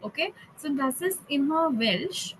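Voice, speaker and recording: High-voiced woman teaching German slowly. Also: expressive, fairly bright tone, slight background noise, poor audio. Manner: explains patiently, often checking understanding with "okay"; switches between English and German. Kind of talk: online classroom teaching.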